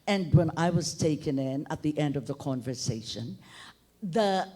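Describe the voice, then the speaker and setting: A man's voice: on the high side, lively intonation, normal speed, mellow. A middle-aged man from Bohol with a Boholano accent, speaking at a forum in an expansive, humorous way with emphatic bursts. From Philippines, Bohol. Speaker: forum audience member, newspaper manager. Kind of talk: public remarks at a forum. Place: conference hall.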